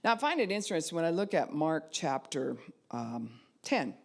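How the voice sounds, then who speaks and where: Low-voiced woman preaching with animated cries. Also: moderate pace. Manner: animated preaching, rising to loud cries when quoting. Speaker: pastor. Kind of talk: sermon.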